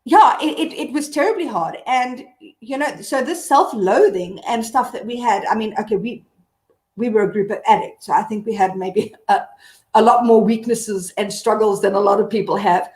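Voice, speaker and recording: A woman's voice: a little high, moderate pace, a little mellow. A woman blogger as a guest on a casual live video chat, talking candidly in a rambling way with many fillers. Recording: echoey room.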